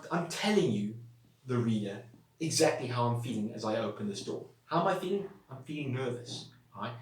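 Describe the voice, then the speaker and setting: A man's voice: mid-range voice, recorded from a distance. A man teaching a writing lesson in a chatty way, checking in with listeners often. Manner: chatty, checks in with frequent "all right?" and "yeah?". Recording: roomy sound from away from the mic.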